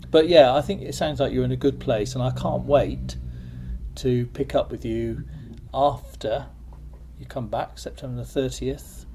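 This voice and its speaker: A man hosting a relaxed podcast chat, with a gravelly, mellow voice. He talks in an encouraging, chatty way, with faint noise behind him. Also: medium pitch, unhurried. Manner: encouraging, chatty, laughs often. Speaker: podcast host. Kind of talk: casual chat.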